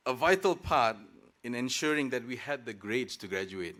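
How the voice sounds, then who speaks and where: Bright-voiced man giving a graduation speech. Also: mid-range voice, lively intonation, normal speed, few pauses, a faint crowd, slight background noise. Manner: reflective, lightly humorous address. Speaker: graduating student speaker. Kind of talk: convocation speech. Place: ceremony hall.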